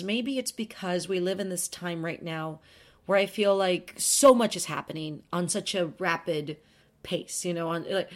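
A woman hosting a podcast, talking in a chatty, rambling, self-deprecating way. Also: on the low side. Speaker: podcast host. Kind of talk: casual chat monologue.

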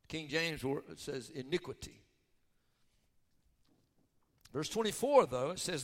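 Pastor preaching in a reverberant church. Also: male voice, fairly high pitch, expressive, takes it slowly, long pauses. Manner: builds from chatty announcements to shouted emphasis. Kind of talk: sermon. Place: church sanctuary. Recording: long reverb of a church hall.

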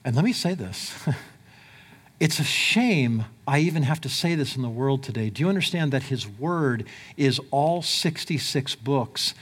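A man preaching a sermon in a conversational way, swinging between loud emphatic lines and quiet low ones. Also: animated, a little slow, husky. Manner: conversational, with fillers like "like" and "right?". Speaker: pastor.

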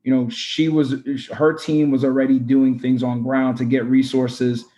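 A man's voice: medium pitch, flat delivery, a little slow, warm tone. Earnest rambling male podcast guest. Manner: earnest, rambling, many fillers. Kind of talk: casual interview talk.

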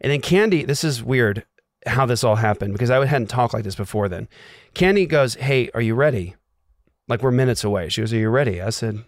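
A man sharing a personal faith testimony, acting out the dialogue and dropping to a hush at tense moments. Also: mid-range voice, a little fast, no echo, clean studio sound. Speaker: guest telling a personal story.

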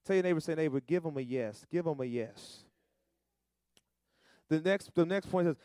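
A man delivers a sermon, his pitch sitting a little high. He calls on the congregation and stretches key words out loud before dropping to quiet asides. The sound is dry and close, with no room echo. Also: moderate pace, long pauses. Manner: call-and-response preaching, swings from soft to shouted. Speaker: preacher.

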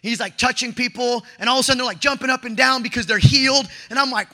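A young man telling a personal testimony in an excitable, slangy way, often breaking into shouts. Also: very high-pitched, fast, few pauses. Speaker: storyteller sharing a testimony.

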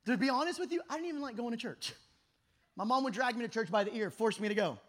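A man in his thirties preaching an energetic youth sermon at a camp meeting, telling stories that swing from shouting to hushed. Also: very high-pitched, fast. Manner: animated storytelling, shifts from shouting to hushed.

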